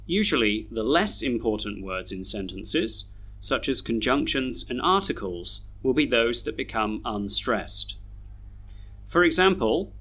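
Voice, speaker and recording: Slow, deliberate male pronunciation teacher. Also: medium pitch, sing-song, bright, forceful tone. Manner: slow, deliberate, reads example sentences twice. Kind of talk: scripted lesson narration.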